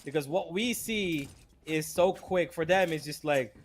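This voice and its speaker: A young man casting a live esports match, excitable and jokey, with bursts of disbelief. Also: on the high side, a little slow, slight background noise. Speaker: esports caster.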